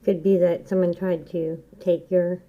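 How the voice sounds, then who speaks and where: A woman giving a casual, rambling tarot reading, chatty and quick to laugh. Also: fairly low pitch, flat delivery, muffled recording. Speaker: tarot reader.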